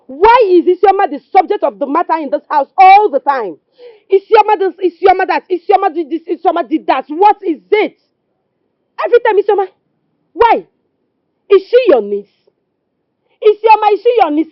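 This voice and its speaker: A Nigerian actress playing a jealous wife who taunts and mocks her husband in a film drama. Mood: taunting. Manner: taunting, mocking, shrill. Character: scolding jealous wife, adult woman. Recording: slightly muffled dry film audio.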